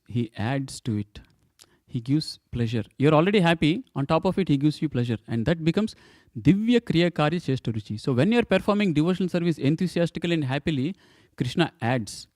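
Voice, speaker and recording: A man's voice: a little high, lively intonation, moderate pace, a little mellow, dry recording, studio quality. A man giving a temple scripture class, emphatic, repeating points and asking rhetorical questions.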